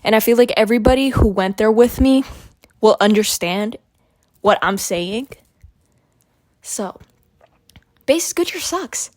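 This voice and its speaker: A woman's voice: mid-range voice, measured pace, long pauses, darkish tone, no echo, clean studio sound. A young woman from Arizona hosting a solo podcast, ranting heatedly and profanely, repeating her points for emphasis. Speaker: podcast host.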